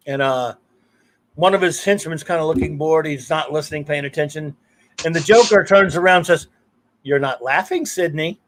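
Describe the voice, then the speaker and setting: A male podcast host talking in a casual, meandering way. His voice sits a little high for a man, and he often circles back and restarts his sentences. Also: a little fast. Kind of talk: casual chat.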